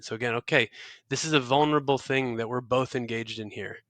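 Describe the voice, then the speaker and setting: A man's voice: mid-range voice, steady tone, brisk, a bit bright, dry recording. A young man, a guest author, telling a reflective story in an interview, earnest and searching, with frequent restarts and fillers.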